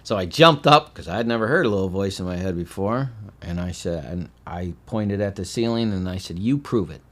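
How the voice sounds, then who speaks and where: A veteran man telling his own life story in a conversational way, with dry, deadpan humor, sometimes loud and animated, sometimes quiet and heavy. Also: low voice, a little fast. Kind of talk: personal spoken testimony.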